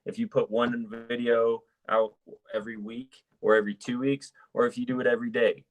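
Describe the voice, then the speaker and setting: A man speaking as a guest on a casual livestream, relaxed and friendly. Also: medium pitch, a little fast, rough recording.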